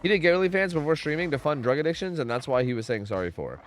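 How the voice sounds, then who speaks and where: A man streaming live, chatting casually, animated and profane as he rants. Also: on the high side, very fast, a little hiss or hum. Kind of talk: casual chat.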